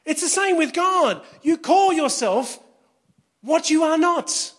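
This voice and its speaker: High-voiced pastor preaching. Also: male voice, lively intonation, slow pace, fairly bright tone. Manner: conversational, storytelling with humor. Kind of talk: sermon.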